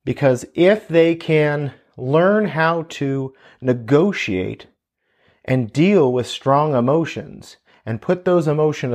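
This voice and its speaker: A man's voice: medium pitch, darkish tone. A man in his thirties, a father, earnestly giving parenting advice and retelling talks with his kids. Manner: earnest, storytelling with quoted dialogue. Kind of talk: casual advice talk.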